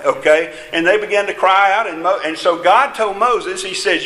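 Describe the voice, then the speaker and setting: A man's voice: high voice, moderate pace, hardly any pauses, sharp tone, echoey room, rough recording. A man preaching a sermon in a folksy, emphatic way, with small jests along the way.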